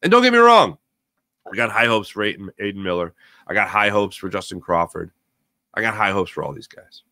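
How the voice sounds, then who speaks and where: A man hosting a live morning sports talk show, giving opinionated, rambling takes with sudden animated bursts. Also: sits low, brisk, dry recording, clean studio sound. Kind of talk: solo sports radio monologue.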